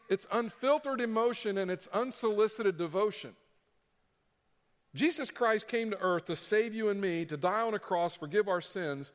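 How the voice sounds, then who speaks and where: A man's voice: sits high, fairly bright tone, big-room sound. A man preaching a sermon, repeating key phrases for emphasis and acting out what people would say. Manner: preaching with emphatic repetition and acted-out quotes. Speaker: pastor.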